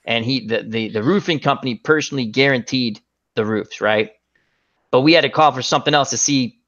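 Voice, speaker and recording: A middle-aged man hosts a relaxed chat and jokes his way through anecdotes, doing quick voices for the people in his stories. His voice sits in an ordinary middle pitch. The recording sounds a little dull and lo-fi. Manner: joking storyteller, acts out voices in anecdotes. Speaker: host. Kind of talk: casual chat.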